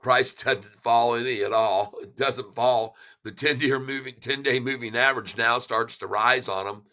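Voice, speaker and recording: Bright-voiced excited stock chart commentator. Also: male voice, medium pitch, normal speed. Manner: excited, folksy, repeats himself for emphasis.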